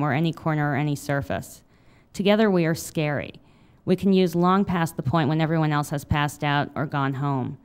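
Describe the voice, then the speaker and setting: A woman in her thirties, an author reading a confessional memoir aloud in a wry manner, then answering questions with halting fillers. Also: low-pitched, a little mellow, clean tone. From United States. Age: 30s.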